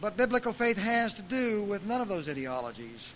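Male preacher, bright and forceful, emphatic with big dynamic swings, faint hiss behind. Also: high voice, very animated, fairly quick, rough recording. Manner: emphatic, swinging from soft asides to loud dramatic outbursts. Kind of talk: lecture-style preaching.

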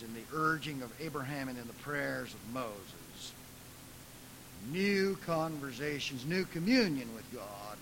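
A man preaching in a lecture style, emphatic, swinging from soft asides to loud dramatic outbursts. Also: medium pitch, slight background noise, low-quality recording.

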